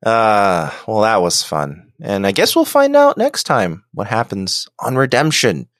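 Lively, laughing podcast host, a man. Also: lowish voice, a little slow, no echo, clean studio sound. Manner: laughs often, animated asides. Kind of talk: casual chat.

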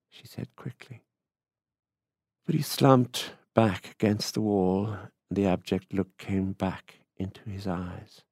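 A man reading a short story aloud in a measured, unhurried way. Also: deep voice, fairly even intonation, a little mellow, husky, no room sound, clean studio sound. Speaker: author reading fiction. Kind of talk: literary reading.

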